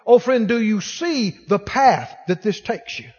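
A man's voice: high-pitched, lively intonation, unhurried, a little mellow, slightly rough. A man preaching a sermon, exhorting his congregation emphatically and repeating lines for force. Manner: emphatic, repetitive exhortation with rising intensity. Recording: dull sound with long reverb in a large hall.

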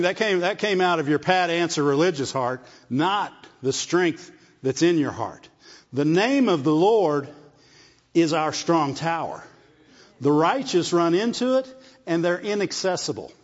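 A man delivers a sermon in a fairly high voice, checking in with the listeners and repeating phrases as he builds his point. His voice carries a long reverb from a large hall. The sound is dull and muffled. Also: lively intonation, measured pace. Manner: call-and-response asides, repeats phrases. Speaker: preacher.

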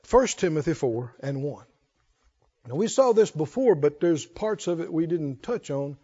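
High-pitched preaching man, dull recording. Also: animated, a little slow, breathy edge, big-room sound. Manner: call-and-response preaching, rising to shouts. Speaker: pastor. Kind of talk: sermon.

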